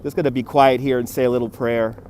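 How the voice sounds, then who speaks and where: Recorded outdoors by a city harbor on a phone on a handheld gimbal, with traffic behind him, a New York man in his forties hosts a casual livestream tour. Reading comments and greeting viewers by name, he speaks at a quick pace in a level, darkish mid-range voice.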